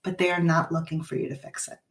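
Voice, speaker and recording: A woman's voice: low-pitched, little pitch movement, fast. Earnest woman parent coach, roomy distant sound. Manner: earnest, explanatory, acts out parent and child quotes. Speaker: parent coach, podcast guest. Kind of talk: conversational podcast advice.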